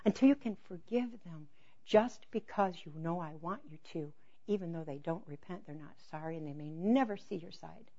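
A woman preaching a sermon through personal stories, acting out dialogue with laughter, then dropping to a soft, intense hush on key points. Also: fairly low pitch, moderate pace, lo-fi sound.

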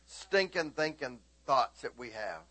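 A man preaching a sermon, animated, swinging between loud exclaiming and hushed talk. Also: medium pitch, a little slow, no echo.

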